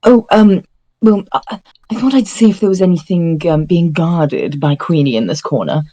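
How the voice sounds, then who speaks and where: A man playing in a tabletop game, chatting casually in a quick-witted, joking way. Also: a little high, dark tone, no room sound. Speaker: player.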